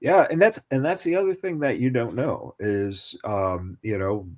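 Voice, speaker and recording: A man's voice: medium pitch, moderate pace, darkish tone. A man co-hosting a podcast in casual chat, rambling with lots of fillers. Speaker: co-host.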